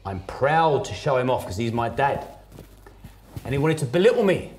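A man's voice: mid-range voice, big pitch swings, normal speed. A man telling his personal story as a podcast guest, blunt and emphatic, swearing heavily.

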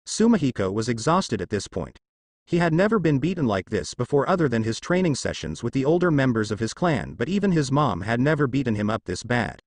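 A man narrating a fan fiction story in a lively storytelling way. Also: fairly quick, dry recording. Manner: lively storytelling, varies pitch for dialogue.

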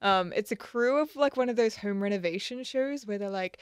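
A clear, smooth-voiced woman chatting on a podcast panel and telling lively stories full of quick asides. The close mic sounds dry and intimate. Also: mid-range voice, dry recording. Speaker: panel guest, tech writer. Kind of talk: casual panel chat.

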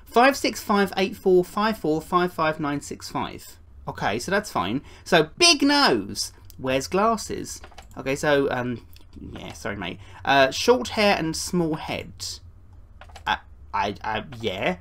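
A woman's voice: low voice, big pitch swings, slow, fairly bright tone, slight background noise. A woman giving playful gameplay commentary, chatting and slipping into put-on voices for the characters. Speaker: gaming YouTuber.

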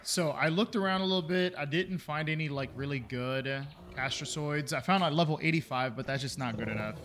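A man's voice: a little high, a bit bright, slight background noise. A young man giving casual, rambling let's-play commentary at his microphone, swearing freely and joking at his own expense. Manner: chatty and rambling, swears casually, jokes at himself. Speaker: gaming video creator.

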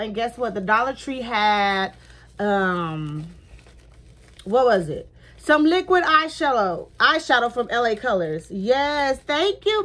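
High, bright-voiced chatty woman vlogger. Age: middle-aged. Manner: chatty, effusive, thankful. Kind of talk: casual haul video chat.

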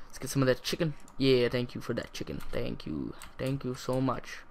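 A man's voice: mid-range voice, normal speed, gravelly, slight background noise. Rambling teen boy narrating his gameplay. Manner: rambling, self-talking, jumpy excitable outbursts. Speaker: gaming channel host. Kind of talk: casual gameplay commentary.

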